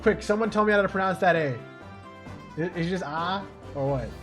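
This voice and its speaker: A woman's voice: fairly low pitch, moderate pace. A woman streaming a game, joking, swearing and laughing at the dialogue, with game music behind. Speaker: gaming streamer. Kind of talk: casual let's-play commentary.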